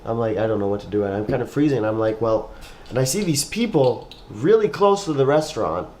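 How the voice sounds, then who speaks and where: A man's voice: mid-range voice, expressive, fast, darkish tone, a little hiss or hum, poor audio. A young man co-hosting a casual podcast, telling a rambling story with restarts and swearing. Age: young adult. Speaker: podcast co-host. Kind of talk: casual chat.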